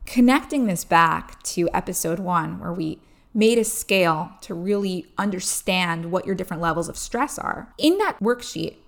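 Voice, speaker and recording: A woman in her thirties hosting a calm advice podcast, speaking gently and encouragingly straight to the listener. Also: fairly low pitch, gravelly. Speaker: podcast host.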